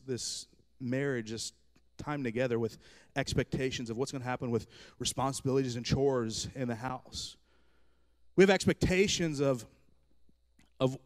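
Male pastor, thirties, storytelling sermon, animated, self-mocking humor, mid pitch.

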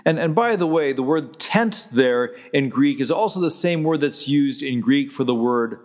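A man's voice: medium pitch, animated, moderate pace, a little mellow, in a large hall. A man, a pastor, preaching a sermon in a conversational way, stopping to restart and quoting scripture.

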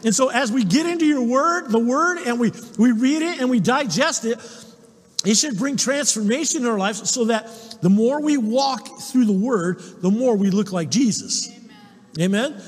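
A man's voice: very high voice, expressive, normal speed, husky, in a large hall. Guy preaching a sermon in church, emphatic, keeps asking amen, voice swoops up and down a lot. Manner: emphatic preaching, repeated call-and-response "Amen?". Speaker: pastor. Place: church sanctuary.

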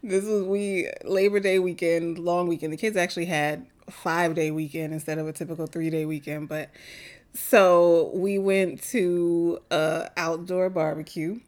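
A woman's voice: fairly low pitch, unhurried. A woman with a New York accent, co-hosting a podcast in casual chat, telling stories with lots of laughter. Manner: laughing, animated storytelling. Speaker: podcast co-host.

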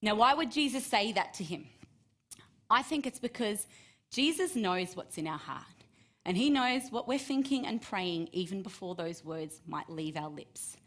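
A woman's voice: mid-range voice, unhurried. Chatty woman telling a Bible story. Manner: lively, chatty, asks listeners by name, drops to hushed tones for emphasis. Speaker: children's Bible teacher. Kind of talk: storytelling sermon to children.

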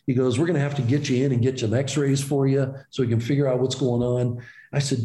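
A man, a former baseball pitcher, telling animated, self-deprecating stories as an interview guest. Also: a little fast, reverberant. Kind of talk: storytelling in an interview.

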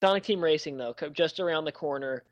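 A man's voice: on the high side, fast, no room sound, lo-fi sound. A man co-hosting a casual gaming podcast, dry and sarcastic. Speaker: podcast co-host.

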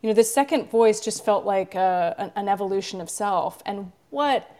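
A woman's voice: medium pitch, normal speed, a little mellow. A woman author being interviewed, talking in a reflective, chatty way with lots of fillers. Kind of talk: casual interview talk.

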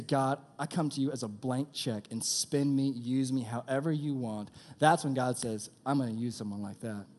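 A young man preaching a sermon in a casual, energetic style, calling out to his audience. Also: medium pitch. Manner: energetic, conversational preaching with audience call-outs. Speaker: youth pastor.

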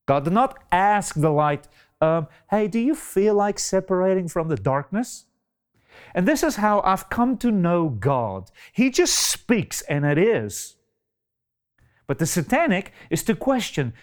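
Addressing the congregation as beloved, a high-voiced preacher delivers his sermon slowly and dramatically, asking one rhetorical question after another.

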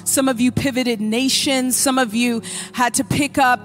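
High-voiced woman pastor preaching. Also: fairly even intonation, a little slow, faint music behind. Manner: impassioned preaching, acting out prayers. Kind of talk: sermon. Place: church.

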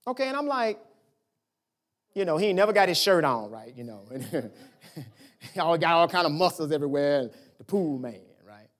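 A man's voice: a little high, big pitch swings, moderate pace, long pauses. A male pastor giving a conversational, folksy sermon, acting out little dialogues as he goes.

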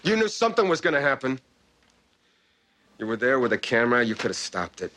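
An actor playing a hard-nosed police detective who talks in a gruff, scornful, confrontational way. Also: male voice, mid-range voice, very animated, brisk, noisy background, natural voice.

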